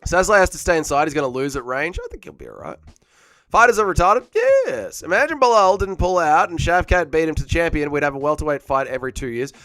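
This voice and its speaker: A man's voice: a little high, sing-song, fast talker, fairly bright tone, no echo. Aussie guy hosting a fight watch-along, crude jokes, reads chat, voice jumps all over, dry mic. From Australia. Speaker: livestream host.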